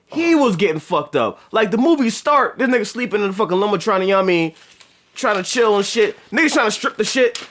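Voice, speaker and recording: A man reviewing a film in casual chat, animated and profane, acting out scenes in slangy speech. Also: high voice, quick pace. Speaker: movie reviewer.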